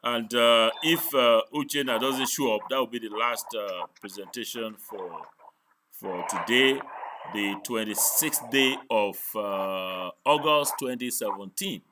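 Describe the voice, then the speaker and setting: Lecturer, male, halting with lots of fillers, firm corrections, over a noisy online call. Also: mid-range voice. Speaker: university lecturer. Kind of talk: online class moderation.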